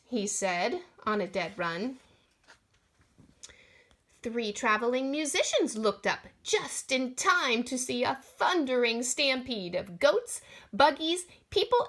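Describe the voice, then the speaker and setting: A woman reads a children's storybook aloud in a high, lively voice, giving each sound effect a playful bounce. She takes her time over the lines at an unhurried pace.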